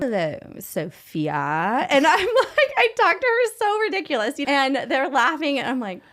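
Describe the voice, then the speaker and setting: A woman hosting a podcast, telling a personal story in a casual, animated way and acting out the dialogue she quotes. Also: medium pitch. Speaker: podcast host.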